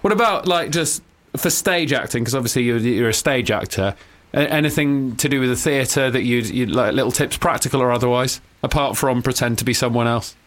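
A man's voice: mid-range voice, brisk, few pauses. A man hosting a radio show, bantering and teasing his guests, laughing often. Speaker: radio host.

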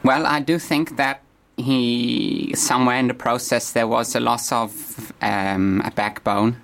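A man playing a deadpan, hesitant man who invented a posh stage character, as a guest on a comedy radio interview. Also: medium pitch, vocal fry. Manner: halting, deadpan, slow and hesitant.

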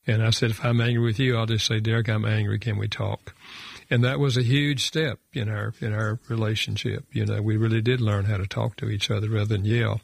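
A man's voice: fairly low pitch, level tone, fairly quick, gravelly, no room sound. An older man telling a personal story as a talk show guest, reflective and folksy, with frequent fillers. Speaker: guest author and counselor.

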